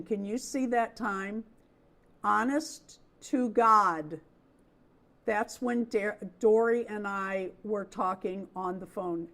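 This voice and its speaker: A middle-aged woman hosting a casual livestream, talking through a story with plenty of feeling. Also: medium pitch. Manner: chatty storyteller, talks with feeling. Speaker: host of a doll livestream.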